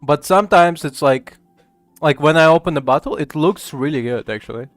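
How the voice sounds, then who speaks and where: A man's voice: fairly high pitch, moderate pace, soft background music. A young man from Ukraine streaming a game, chatting casually in a rambling way, stammering, and swearing freely. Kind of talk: casual gaming chat.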